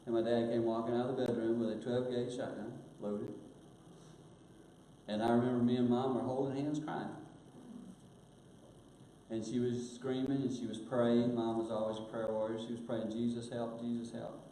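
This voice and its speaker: An older man telling a personal story in a sermon, earnest, growing hushed at painful moments. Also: mid-range voice, level tone, normal speed, long pauses. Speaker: guest speaker. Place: church auditorium. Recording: very echoey church hall, faint hiss.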